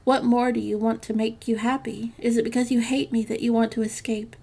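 A sorrowful, gentle beast speaks in a fairytale reading, read by a woman. He pleads dolefully, with a fairly high, gravelly tone. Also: little pitch movement, fairly quick. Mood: pleading.

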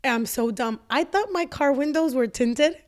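High-voiced chatty woman. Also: normal speed. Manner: chatty, reactive, laughs often. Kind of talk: casual chat. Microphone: studio microphone.

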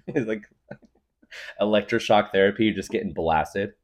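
A man's voice: lowish voice, moderate pace. A man rambling through a casual comedic monologue as a podcast guest, stuffing his talk with filler words and joking exaggerations. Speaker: podcast guest, craft beer guru.

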